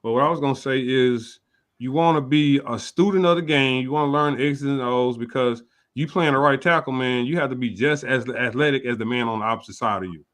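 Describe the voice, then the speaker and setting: A man's voice: medium pitch, brisk, a bit bright. A man hosting a casual sports interview, laid-back and full of slang as he gives advice. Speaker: host.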